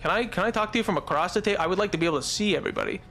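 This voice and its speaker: A young man streaming a game live, rambling and excitable, laughing often. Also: sits high, very fast, faint music behind.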